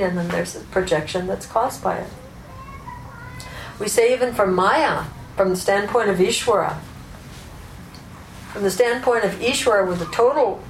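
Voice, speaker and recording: A woman giving a spoken teaching talk as a psychologist and Vedanta teacher, explaining thoughtfully with examples and asides. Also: mid-range voice. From United States. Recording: echoey room, faint room noise.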